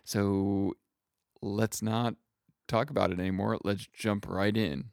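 A man with a low, gravelly voice hosts a podcast as a self-kindness coach. He speaks slowly and gently, feeling his way through each thought with soft pauses. The sound is close and dry. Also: steady tone, no room sound. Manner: gentle, unhurried, searching for words with soft fillers. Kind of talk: reflective podcast introduction.

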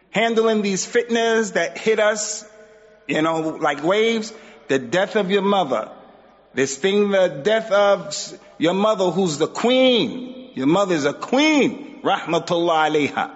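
A man giving an emphatic religious lesson in a mosque, exhorting his audience. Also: sits high. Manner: emphatic, exhorting, acts out quotes. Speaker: Islamic teacher. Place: mosque hall. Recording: dull sound with long hall reverb.

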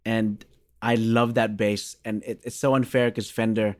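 A man in his thirties from Australia, a bass player guest in a casual interview, telling a story animatedly and acting out the dialogue. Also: little pitch movement, a little slow, dry recording, studio quality.

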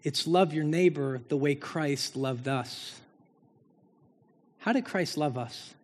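A man's voice: a little high, takes it slowly. A man preaching a sermon as pastor, building emphasis through repeated phrases. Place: church sanctuary. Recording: long hall reverb.

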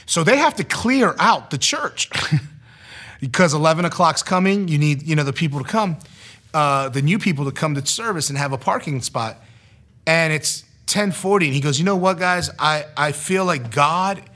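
Young guy telling his story, bright voice, lots of likes, jumps way up when he quotes people. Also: a little high, normal speed. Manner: animated, acts out quotes in a raised voice; casual, filler-heavy with frequent likes. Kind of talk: personal testimony storytelling.

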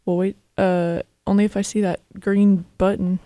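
A woman's voice: medium pitch, flat delivery, normal speed, mellow, no echo. Woman radio co-host, casual and upbeat, dry studio mic. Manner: giggly, upbeat, runs the segment. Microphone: studio microphone.

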